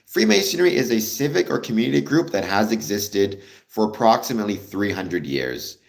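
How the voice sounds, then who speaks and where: A man's voice: fairly low pitch, very animated, moderate pace, gravelly. A Canadian man hosting a livestream, chatting casually with viewers in a friendly, rambling way with many ums. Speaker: livestream host.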